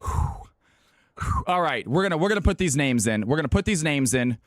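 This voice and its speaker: A man's voice: on the high side, sing-song, brisk, dry recording. A man hosting viewer games on a live stream, hyped and chatty, often repeating himself as he sorts players. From California. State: out of breath.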